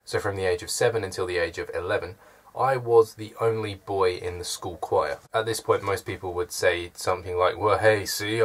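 A man's voice: sits low, fairly bright tone. A man, chatting to camera from his room with dry, self-deprecating humour. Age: early 20s. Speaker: vlogger. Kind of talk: casual chat to camera.

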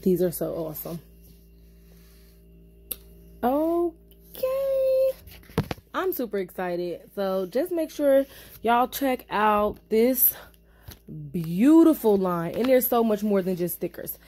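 A woman's voice: mid-range voice, measured pace. Sassy, effusive woman vlogger. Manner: animated, sassy and effusive, addresses viewers as y'all and honey. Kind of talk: casual vlog chat.

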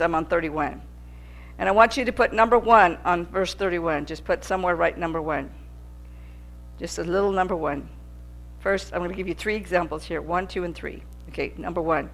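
A woman's voice: on the low side, fairly quick, creaky, a bit bright. A woman teaching a Bible lesson in an earnest, repetitive preaching manner, sometimes rising in volume for emphasis. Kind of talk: sermon teaching.

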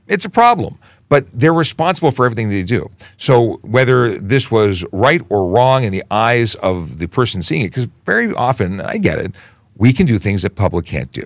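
A Canadian police media relations officer hosts a casual Q&A livestream, answering viewer questions in a conversational, animated way and restarting often. His pitch is medium, with no echo.

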